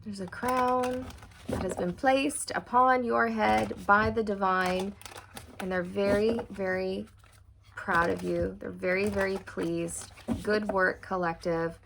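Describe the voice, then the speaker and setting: A woman reading tarot for her viewers. She sounds excitable and encouraging, speaks straight to the viewer, and often breaks into squeals and laughter. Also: mid-range voice, takes it slowly, gravelly, noisy background. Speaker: tarot reader.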